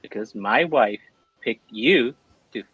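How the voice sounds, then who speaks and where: Deadpan man, slow delivery, bright husky tone, pickup lines on a video call. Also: mid-range voice, dry recording, poor audio. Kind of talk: casual chat, reading pickup lines.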